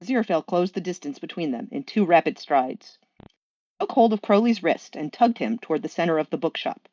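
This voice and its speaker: A woman reading a story aloud with lively, expressive narration. Her voice is lowish but leaps around in pitch. The recording is dry and a little muffled, like a home mic. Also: fairly quick, dry recording. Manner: animated, expressive. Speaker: fanfiction reader.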